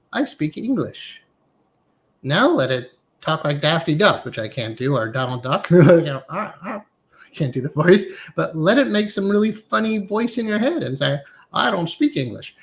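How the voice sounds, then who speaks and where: Middle-aged male hypnotherapy teacher, somewhat high voice, reflective, asks "right?" often while guiding listeners. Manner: reflective, frequently asks "right?" and uses guided inner exercises. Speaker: hypnotherapy instructor. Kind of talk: live-streamed spiritual lecture.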